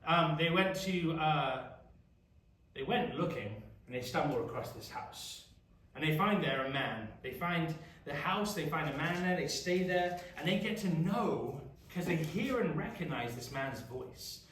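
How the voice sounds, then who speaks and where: A man's voice: fairly high pitch, lively intonation, measured pace, fairly bright tone, a little hiss or hum. A man with an English accent teaching a casual youth Bible study, chatty and often asking the group questions. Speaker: youth pastor. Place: church youth room. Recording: echoey room, mic far off.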